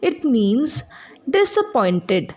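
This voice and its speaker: A woman teaching a classroom reading lesson to young students, slowly spelling out words letter by letter and explaining their meanings. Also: on the high side, big pitch swings, dark tone. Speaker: primary school teacher.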